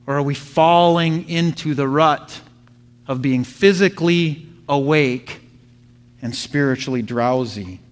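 A man preaches to his church, telling a personal story in a lively way. His voice sits a little on the higher side, and he acts out sounds as he goes. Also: slow. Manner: animated storyteller, mimics beeping sounds. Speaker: pastor. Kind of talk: sermon storytelling.

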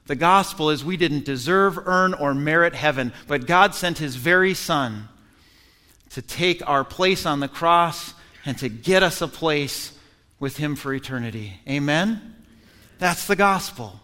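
A man's voice: a little high, expressive, measured pace, bright, forceful tone. A man preaching a sermon as pastor, earnest and emphatic, repeating phrases for effect. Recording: echoey hall.

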